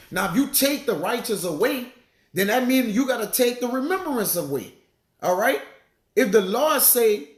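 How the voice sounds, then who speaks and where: Man, casual bible teacher, slightly high voice, echoey room. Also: big pitch swings. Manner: conversational, peppers lines with "man" and "all right"; reads verses slowly, searches aloud for passages. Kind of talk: casual sermon with scripture reading.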